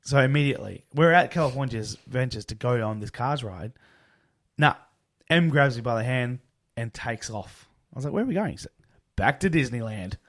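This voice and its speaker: A man's voice: mid-range voice, normal speed. A man, co-hosting a podcast and casually telling a travel story, acting out quoted lines. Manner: relaxed, acts out quoted dialogue. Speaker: podcast co-host.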